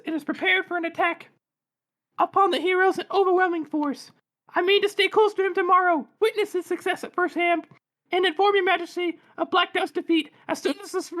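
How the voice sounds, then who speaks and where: A man reading a letter aloud in character as a pompous male court observer writing to his king, slow, formal and ceremonious. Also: extremely high pitch, pushed and bright. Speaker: podcast co-host.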